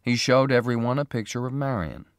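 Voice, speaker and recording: A man slowly and clearly reading a graded story for English learners, with expressive delivery. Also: medium pitch, no room sound, clean studio sound. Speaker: narrator.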